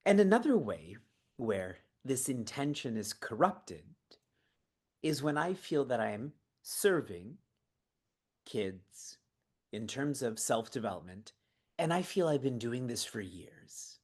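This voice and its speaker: A man's voice: mid-range voice, sing-song, slow, husky. A man running an online training session from his prayer room, asking the audience questions and laughing between points. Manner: engaging, asks the audience questions. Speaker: seva training guide.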